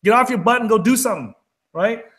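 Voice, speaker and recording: High-voiced fired-up man ranting. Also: fast, fairly bright tone. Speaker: co-host of a crypto trading show. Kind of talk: casual chat.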